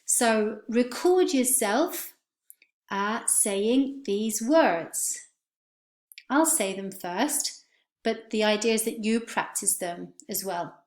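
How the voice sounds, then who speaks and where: A woman teaching English pronunciation, modelling words and sentences slowly and clearly for her students. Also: fairly high pitch, darkish tone, reverberant. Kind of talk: online pronunciation lesson.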